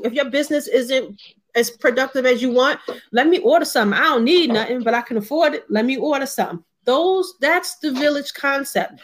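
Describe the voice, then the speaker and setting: A woman co-hosting a casual online discussion, speaking earnestly in a conversational way. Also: high-pitched. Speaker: co-host.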